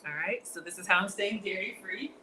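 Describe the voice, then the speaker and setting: A woman's voice: medium pitch, a little fast, noisy background. Chatty woman demoing a recipe at home. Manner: chatty, addresses viewers as y'all. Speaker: cooking vlogger. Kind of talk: casual cooking demonstration. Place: home kitchen.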